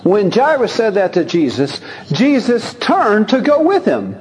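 A man preaching a sermon in a folksy, lively way, chuckling as he talks and reading scripture aloud. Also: sits high, a little slow. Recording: long hall reverb.

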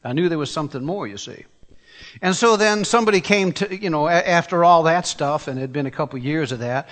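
Emphatic older preacher from Tennessee. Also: male voice, on the high side, a little fast, a bit bright, big-room sound. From Tennessee, USA. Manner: emphatic, rhetorical questions, voice climbs when pressing a point. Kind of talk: sermon.

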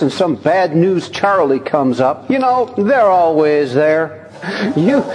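A man preaching in a church sanctuary, his voice sitting fairly high for a man. He reads scripture aloud, then explains it in a folksy, joking manner and chuckles between points. The sound carries a long reverb tail from the hall. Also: darkish tone. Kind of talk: sermon with scripture reading.

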